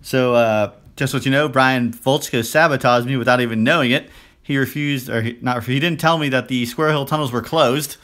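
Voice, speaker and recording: A man's voice: mid-range voice, a little fast. A man co-hosting a podcast, telling rambling stories in casual chat and acting out quoted lines. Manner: rambling storyteller, quotes himself and others in animated bursts. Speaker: podcast co-host.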